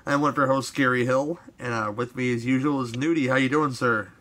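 A man's voice: medium pitch, steady tone, a little fast, fairly bright tone, slight background noise. A man hosting a casual movie commentary podcast, rambling easily with fillers and restarts. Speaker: podcast host.

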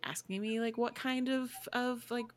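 A young woman guest on a podcast, telling a field story in a rambling, casual way with lots of fillers, dropping to a hush when quoting others. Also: on the high side, fairly even intonation, normal speed.

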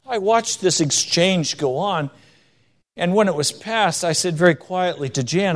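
Unhurried and fairly high-pitched, a preacher drives his sermon home with emphatic rises and falls, voicing the characters he quotes in his stories as he tells them.

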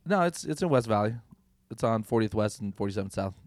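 A man's voice: fairly low pitch, fast talker, no echo. A young man co-hosting a casual podcast, telling a long story with lots of swearing and acting out his own thoughts. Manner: animated storyteller, swears freely, acts out quoted thoughts. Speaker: podcast co-host.

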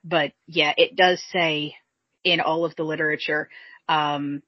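Husky woman with a chatty manner. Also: low-pitched, level tone, a little slow, no echo. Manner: chatty, many fillers, acts out quotes. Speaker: podcast co-host. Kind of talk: casual history chat. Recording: dull, dry close mic.

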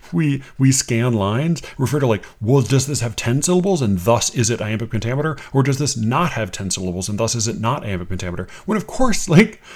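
A man hosting a podcast, talking casually and critically with exasperated swearing and halting restarts. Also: mid-range voice, a little mellow. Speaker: podcast host.

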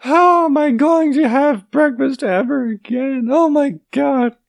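A man putting on a shrill, melodramatic croissant lover. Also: a little slow, creaky, no echo, full character voice. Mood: panicked. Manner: wailing, melodramatic. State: congested nose.

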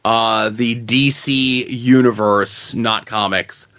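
A man's voice: medium pitch, steady tone, takes it slowly, pushed and bright, smooth, lo-fi sound. A man co-hosting a comics podcast in casual chat, rambling with lots of fillers. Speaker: podcast co-host.

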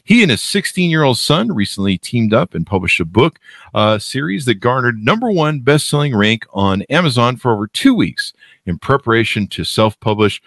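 A man hosting a podcast, rambling and joking his way through the intro, his pitch leaping all over the place. He sounds close and dry on the mic, with no room sound. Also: very animated, moderate pace, fairly bright tone, no room sound. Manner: jokey and rambling, with many fillers. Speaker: podcast host. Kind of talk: casual interview chat.

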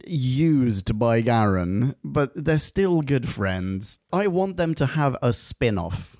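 A man's voice: mid-range voice, very animated, slow pace, darkish tone, dry recording, studio quality. A man co-hosting a podcast in casual chat, not a native English speaker, laughing often and talking playfully. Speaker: podcast co-host.

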